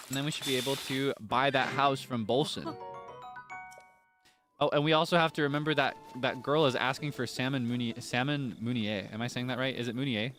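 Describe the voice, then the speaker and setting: Soft-spoken man streaming a game. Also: medium pitch. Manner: soft, chatty, thinking aloud. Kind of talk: casual game commentary.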